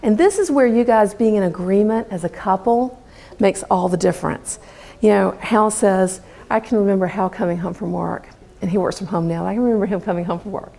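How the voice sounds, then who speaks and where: A gravelly, medium-pitched woman's voice, a little quick, belongs to a middle-aged speaker from the United States. Before a live audience, she spins lively stories about homeschooling, dramatizing the quotes.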